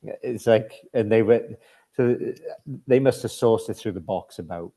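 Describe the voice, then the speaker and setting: A man's voice: lowish voice, unhurried, vocal fry, mellow. A middle-aged British man telling hockey stories as a podcast guest, rambling with many restarts and laughing at his own tales. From Britain. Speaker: podcast guest, former ice hockey captain. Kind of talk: casual storytelling chat.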